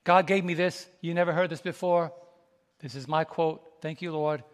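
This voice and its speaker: A male pastor preaching a sermon, folksy and animated, calling out to the congregation and laughing between stories. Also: a little high, moderate pace, in a large hall. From United States. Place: church sanctuary.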